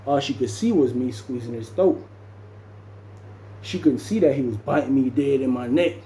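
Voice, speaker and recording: A man's voice: medium pitch, normal speed, roomy sound, a little hiss or hum, poor audio. A man casually telling a story about his past, acting out what people said and punching it up with sound effects. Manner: animated, acts out quotes and sound effects. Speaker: storyteller recounting his jail time.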